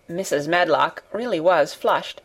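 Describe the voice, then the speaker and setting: A woman narrating a classic novel as an audiobook, calm and measured. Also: mid-range voice.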